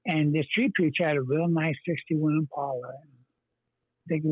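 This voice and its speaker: Husky man with a tinny phone sound. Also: fairly high pitch, fairly even intonation, moderate pace, no room sound. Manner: rambling and earnest, many fillers and restarts. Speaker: pastor, guest. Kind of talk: telling his life story in an interview.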